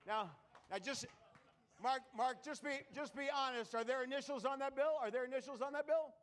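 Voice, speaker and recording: High-voiced joking magician man. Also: fairly quick, a bit bright. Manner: joking patter with the audience. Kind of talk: live comedy magic show. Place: live showroom with an audience.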